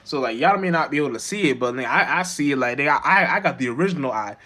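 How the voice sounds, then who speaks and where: Bright-voiced man rambling with restarts. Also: mid-range voice, lively intonation. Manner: halting, many restarts, slangy, emphatic bursts. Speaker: vlogger. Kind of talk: rambling spiritual monologue.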